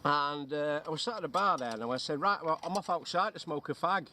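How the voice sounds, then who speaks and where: Runcorn man, fairly high voice, rowdy swearing banter outdoors, faint ambience behind. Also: animated, a little fast, pushed and bright, a little hiss or hum. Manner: joking, swears freely, bursts into high silly chants. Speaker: bushcraft veteran. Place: outdoors in woodland.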